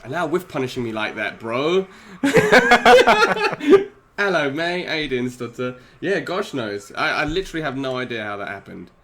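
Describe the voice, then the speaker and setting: A young man streaming a fighting game, chatting with viewers in a casual, excitable way and laughing often. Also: mid-range voice, moderate pace. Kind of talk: casual gaming stream chat.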